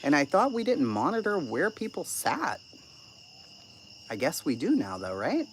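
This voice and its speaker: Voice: medium pitch, wildly swooping pitch, unhurried, a little hiss or hum. Blunt, sarcastic live-stream host. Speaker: channel host reading live chat. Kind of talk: casual live-stream commentary.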